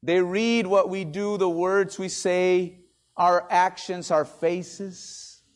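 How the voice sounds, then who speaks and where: This pastor's voice sits high with little pitch movement, and he preaches slowly. Originally from a Spanish-speaking country and a native Spanish speaker, he drops to near-whispers dramatically to stress his points.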